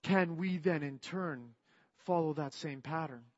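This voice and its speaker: Man preacher, earnest, fairly high voice, slightly dull recording; soft to emphatic sermon delivery. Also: measured pace. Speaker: pastor.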